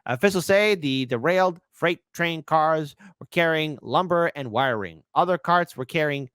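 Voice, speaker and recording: A man's voice: on the high side, measured pace, a bit bright, clear, resonant tone, no room sound. A man hosting a political commentary stream, reading news articles aloud and breaking in with sarcastic remarks. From United States.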